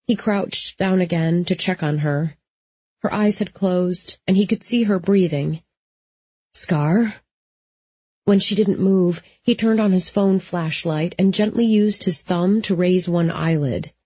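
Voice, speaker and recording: A woman narrating an audiobook in a steady, even storytelling manner. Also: on the low side, husky, dry recording, muffled recording.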